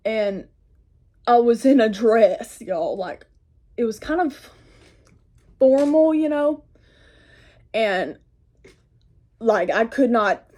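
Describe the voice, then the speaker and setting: A woman's voice: mid-range voice, darkish tone. A teenage girl telling a storytime tale in a casual, rambling way, full of "like" and "y'all", recorded on a phone camera. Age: teens. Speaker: vlogger. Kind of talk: get-ready-with-me storytime.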